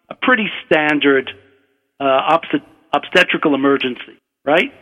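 An older man from Brooklyn, a physician and author, telling a relaxed, wry anecdote. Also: on the high side, moderate pace. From Brooklyn, USA. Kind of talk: anecdotal storytelling. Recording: dull radio broadcast, long reverb.

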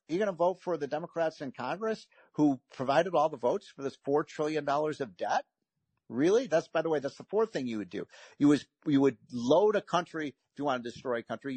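A man's voice: on the high side, a little mellow, husky, no echo. A man hosting a talk radio show, delivering an emphatic, frustrated political monologue with frequent restarts.

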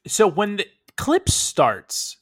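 A man co-hosting a podcast, talking in an animated way and swearing freely. His voice is bright and slightly high, and it swings widely in pitch. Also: takes it slowly. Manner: animated, swears and laughs often. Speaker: podcast co-host. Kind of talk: casual chat.

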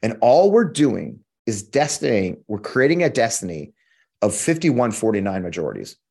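A man's voice: on the low side, very animated, moderate pace, creaky, a little mellow, husky. A middle-aged American man hosting a podcast, delivering heated, profane political commentary with emphatic repetition. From United States. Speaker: podcast host.

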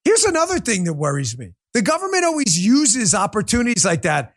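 A man's voice: very high voice, big pitch swings, a little fast, few pauses. A man hosting a political podcast, ranting in a heated, sarcastic way, with crude jabs and mocking put-on voices.

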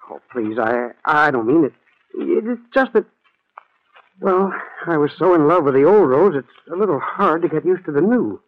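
A worried young husband who stammers and frets, his voice lively and fairly high, played by a man. It comes through a thin, tinny old radio broadcast. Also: moderate pace, lightly acted. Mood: anxious. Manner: stammering, anxious.

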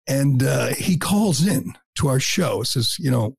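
A middle-aged man with a gravelly, husky voice delivers a talk-show monologue. He is blunt and combative, openly scornful as he lays out his opinions. His voice sounds dry and close, with no room around it. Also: medium pitch, expressive, measured pace, dry recording.

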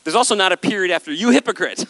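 A man preaching a sermon on stage with a handheld microphone, animated and acting out the voices of listeners and Jesus. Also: high-pitched, rapid-fire. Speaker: pastor. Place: large hall with a stage. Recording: hall with long reverb.

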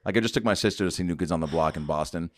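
A man's voice: low voice, racing, no room sound, studio quality. A man hosting a casual comedy chat, telling stories and slipping into silly voices. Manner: animated storyteller, jumps into silly voices.

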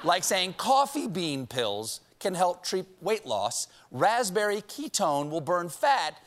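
A man's voice: high-pitched, big pitch swings, slow pace, a bit bright. Man doing a punchy comedy monologue. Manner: punchy joke delivery with sarcastic asides. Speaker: late-night talk show host. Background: studio audience laughing.

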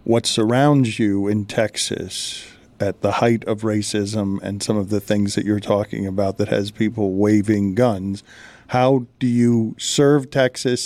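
A man's voice: on the low side, little pitch movement, measured pace, darkish tone, no room sound. A man hosting an interview, asking a pointed and probing question. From Miami. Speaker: podcast host.

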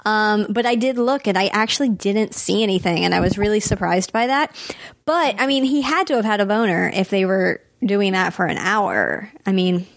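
A woman's voice: medium pitch, lively intonation, normal speed, vocal fry, no echo. A woman producer joining a casual talk show, speaking hesitantly and unsure. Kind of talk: casual chat.

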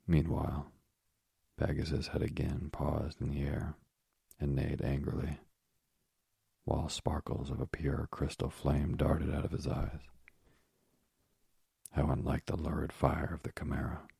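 A man reading a storybook aloud as narrator with a measured, even delivery. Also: very deep voice, vocal fry, slightly rough, no room sound, clean studio sound.

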